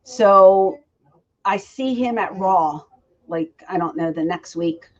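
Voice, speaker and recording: In a dull lo-fi recording, a woman in her forties speaks slowly with a mid-range voice. As an interview guest telling stories in a shoot interview, she animatedly acts out quoted dialogue.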